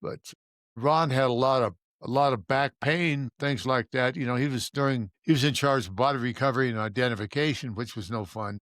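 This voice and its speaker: A man's voice: medium pitch, brisk, fairly bright tone, no echo, clean studio sound. An older man hosting a podcast interview, conversational and agreeable, with frequent fillers. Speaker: podcast host, navy veteran. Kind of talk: casual interview chat.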